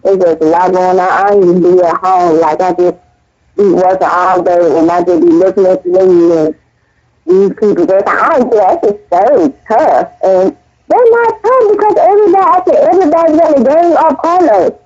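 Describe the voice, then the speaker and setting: A woman's voice: medium pitch, a little fast, warm tone. Rambling earnest woman, lo-fi audio. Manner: rambling, earnest storytelling with frequent restarts. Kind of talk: casual spoken testimony. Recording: dull lo-fi audio.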